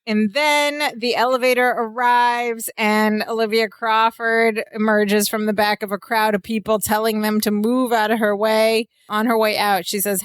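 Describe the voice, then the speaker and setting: A woman's voice: fairly high pitch, level tone, unhurried, few pauses, clean tone, no room sound. A woman co-hosting a podcast, casually recapping scenes with amused asides. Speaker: podcast co-host. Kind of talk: casual episode recap chat.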